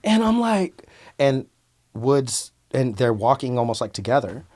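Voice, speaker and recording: A man telling stories as a podcast guest, animated and profane, calling the host "bro" a lot. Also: medium pitch, measured pace. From Antioch, California. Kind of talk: casual storytelling.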